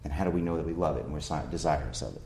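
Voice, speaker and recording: A man's voice: very deep voice, very fast, mellow. A man preaching a sermon as pastor, emphatic, with rhetorical questions and quoted scripture.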